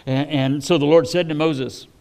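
A man's voice: fairly high pitch, steady tone, moderate pace, creaky, a little mellow. Folksy preacher man teaching a sermon. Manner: folksy and conversational, with frequent fillers and restarts.

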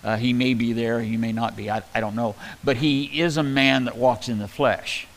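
A male pastor teaches a Bible passage in a relaxed, conversational sermon, often pausing, repeating himself, and using fillers and restarts in a halting way. His voice is an ordinary middle pitch, and the recording is rough.

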